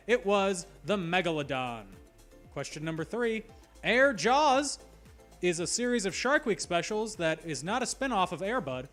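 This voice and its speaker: A man with a notably high voice hosts a live trivia quiz. He reads each question and slips in playful asides. Faint music plays in the background. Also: a bit bright.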